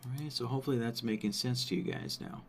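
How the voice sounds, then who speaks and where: A man presenting a live software workshop, walking through settings on screen while thinking aloud and checking in with listeners. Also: medium pitch, fast talker, gravelly, a little hiss or hum. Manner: thinks aloud, frequent "right?" check-ins.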